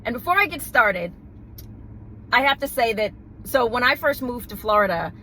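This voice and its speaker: A middle-aged woman from New York with a New York accent, hosting a casual podcast in a rambling, animated way from her parked car. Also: on the high side, moderate pace, slight background noise, low-quality recording. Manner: rambling, animated, self-interrupting with laughs. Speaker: podcast host. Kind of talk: casual chat.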